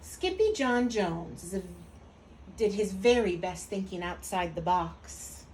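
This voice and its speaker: A woman reading a picture book aloud to children as a teacher, pausing to ask them for predictions. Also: mid-range voice, a little mellow, a little hiss or hum.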